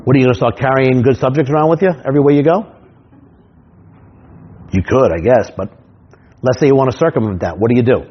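A man who works as a stage hypnotist, teaching his technique through comic stories in an animated way, repeating himself and restarting his sentences. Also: medium pitch, breathy edge, lo-fi sound. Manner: animated, repetitive, quick restarts.

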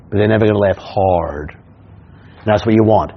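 A stage hypnotist teaches his technique through comic stories, animated and repetitive, often restarting his sentences. His pitch is fairly low, and the audio sounds dull.

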